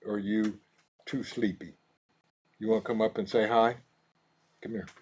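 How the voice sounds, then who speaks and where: A man's voice: fairly low pitch, flat delivery, moderate pace, husky. A man hosts a casual live stream, reading out viewer comments, laughing easily and coaxing his dog. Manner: easygoing, laughs often, talks softly to his dog.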